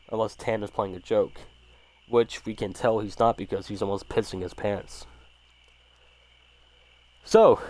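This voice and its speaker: Low-voiced man reading a horror story. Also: mellow. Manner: casual, profanity-laced, stumbles and restarts.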